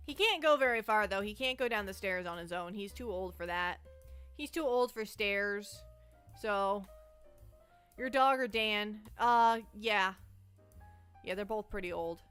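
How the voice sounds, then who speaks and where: A woman's voice: medium pitch, unhurried, a bit bright, clean tone, soft background music. A nervous woman streamer chatting casually, rambling and restarting her sentences, anxious and shaky. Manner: nervous, rambling, self-interrupting. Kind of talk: casual live-stream chat.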